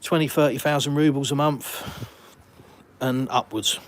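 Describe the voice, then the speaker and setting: Answering his chat with blunt, dry sarcasm, an English-accented man from the UK hosts a live stream outdoors in a village. His voice is mid-range, his tone steady, his pace measured.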